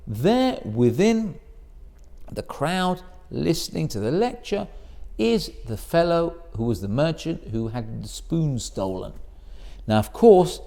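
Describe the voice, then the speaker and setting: A middle-aged man leads a sermon as a rabbi, telling a story with lots of life in it. His voice sits a little high for a man and rises and falls widely as he acts out the characters in the tale. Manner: animated storyteller, acts out quoted voices in a higher pitch. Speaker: rabbi giving a Torah talk.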